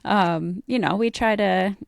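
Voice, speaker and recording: A woman's voice: medium pitch, a little slow, gravelly, dry recording. A woman in her thirties chatting casually on a podcast, rambling in loose asides. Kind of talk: casual chat.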